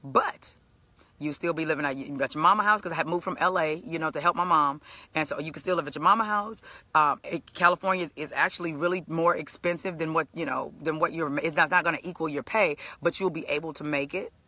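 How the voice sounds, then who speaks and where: Bright-voiced animated woman storyteller. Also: deep voice, fast talker, dry recording. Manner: animated, conversational, preacherly. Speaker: motivational speaker. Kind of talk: storytelling live stream talk.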